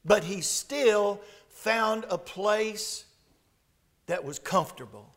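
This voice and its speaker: A man preaching a sermon, retelling a Bible story with dramatic shifts between loud and hushed delivery. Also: high voice, slow pace.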